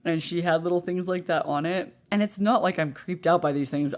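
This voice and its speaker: Low-voiced chatty woman reading tarot. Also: brisk, hardly any pauses. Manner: chatty, rambling, laughs often, many fillers. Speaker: tarot reader. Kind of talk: casual pick-a-card reading. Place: at home. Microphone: earbuds.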